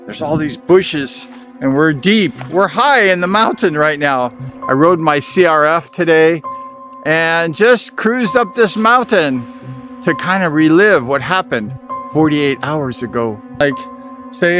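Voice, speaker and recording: A man telling an excited story while vlogging outdoors in a mountain jungle. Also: high voice, a little slow. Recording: music playing underneath.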